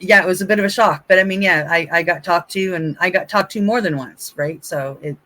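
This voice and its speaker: A woman, a show co-host sitting in as guest, recounting a personal experience in a halting, reflective way, full of "like" and "um". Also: on the low side, a bit bright, poor audio. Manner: halting, many "like" and "um" fillers.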